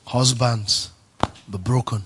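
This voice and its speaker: A male pastor preaching a sermon, emphatic and repetitive, swinging from soft to near-shouting. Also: mid-range voice, fairly even intonation, slow pace, a little hiss or hum.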